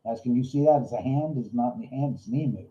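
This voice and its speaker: A man's voice: mid-range voice, quick pace, mellow. A man hosting a casual livestream from home, rambling and swearing as he jokes around. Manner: rambling, profane, jokey. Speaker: livestream host. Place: home room. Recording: roomy, slightly dull livestream audio.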